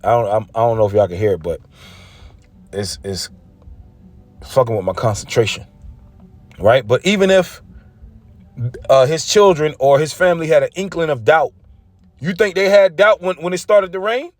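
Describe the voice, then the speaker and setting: A man's voice: a little high, normal speed, pauses often, dry recording, soft background music. A man giving an intense, casual religious rant, often stumbling and repeating himself. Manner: intense, repetitive, stumbling over words.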